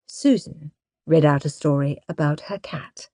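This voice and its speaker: A woman narrating a children's audiobook in an expressive, playful way. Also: sits low, measured pace, dry recording, studio quality. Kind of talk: scripted storybook narration.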